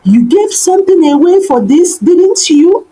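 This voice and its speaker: Gentle young suitor in an animated story, earnest and slow, voiced by the female narrator. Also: extremely high pitch, a little hiss or hum, pitched above the performer's own voice, full character voice, poor audio. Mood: tender. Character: young adult man, tender suitor.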